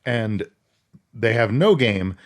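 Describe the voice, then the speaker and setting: A man's voice: on the low side, lively intonation, takes it slowly. A man co-hosting a podcast, casually recapping a film with crude jokes. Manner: laid-back storyteller, crude jokes. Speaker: podcast co-host. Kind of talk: casual movie recap chat.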